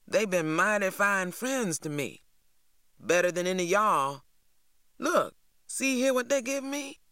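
A reader voicing a boastful, needy teenage boy, talking loud and wheedling. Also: medium pitch, animated, takes it slowly, dry recording, clean studio sound, voice pushed up.

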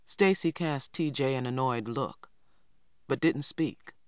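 Steady audiobook reader, first-person story, mid voice, super dry recording. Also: mid-range voice, slow pace, smooth, dry recording. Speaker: audiobook narrator. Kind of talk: first-person novel narration.

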